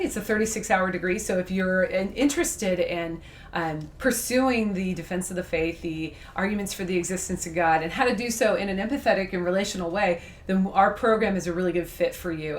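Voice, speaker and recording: A woman professor talks through scripture in a relaxed, conversational way, often breaking into laughter. The room carries a noticeable echo around her voice. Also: mid-range voice, a little hiss or hum. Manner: explanatory, laughs easily. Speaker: apologetics professor and co-host. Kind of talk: conversational teaching talk. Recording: roomy echo.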